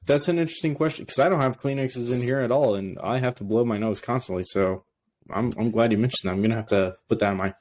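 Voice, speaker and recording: A man co-hosting a sports podcast, chatting casually and excitedly with frequent restarts. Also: medium pitch, fast. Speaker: podcast co-host.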